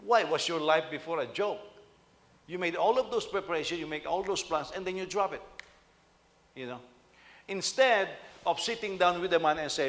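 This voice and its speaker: A man's voice: on the high side, lively intonation, normal speed, fairly bright tone. Man preaching in a reverberant hall. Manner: conversational, asks the listeners rhetorical questions. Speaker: senior pastor. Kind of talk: sermon.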